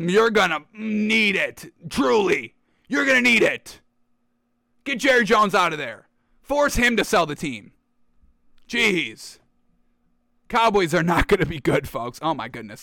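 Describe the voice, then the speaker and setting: Man, sports show host, high and bright voice, brash mocking rant, dry close mic. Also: creaky, no echo. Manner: brash, mocking, addresses viewers as folks. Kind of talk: animated sports opinion rant.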